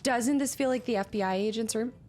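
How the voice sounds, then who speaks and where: A woman's voice: fairly high pitch, fairly quick, a little mellow. A young woman streaming a game, musing aloud as she explores and reading notes under her breath. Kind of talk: let's-play commentary.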